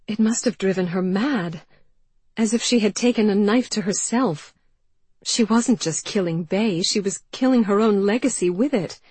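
A woman's voice: mid-range voice, a little mellow, breathy edge, dry recording, pitched above the performer's own voice, natural voice. A woman reading an audiobook, voicing a distraught young woman whose voice rises and cracks with emotion. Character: young woman, grieving, raw and agitated. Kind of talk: audiobook character voice.

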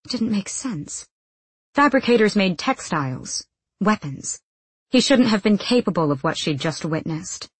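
A woman narrating an audiobook in a steady, measured storytelling voice. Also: mid-range voice, breathy edge, dry recording. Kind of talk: scripted narration.

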